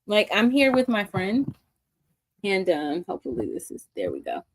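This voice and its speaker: A woman's voice: mid-range voice, wildly swooping pitch, normal speed, creaky, husky. A woman hosting a live-stream book discussion, reading passages aloud and chatting upbeat with commenters. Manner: chatty, reads aloud and answers chat comments; upbeat and gushing. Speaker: book club host.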